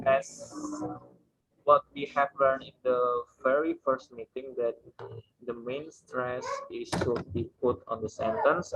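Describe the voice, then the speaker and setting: A man's voice: medium pitch, gravelly, fairly bright tone, husky. A man with an Indonesian accent teaching an online English lesson, explaining patiently step by step with many fillers. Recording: muffled lo-fi recording.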